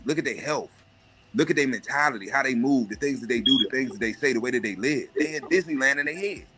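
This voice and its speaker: Brief: adult man, livestream host, blunt and animated, punchy bright tone. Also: mid-range voice, breathy edge. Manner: profane, animated rant with mocking put-on voices. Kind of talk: casual monologue.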